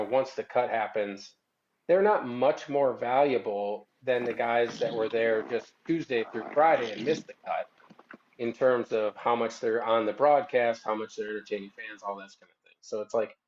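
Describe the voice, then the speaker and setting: A man of middling pitch speaks as a podcast guest, rambling and often trailing off mid-thought. His voice comes over a dull, lo-fi line. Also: moderate pace, a little mellow. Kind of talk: casual chat.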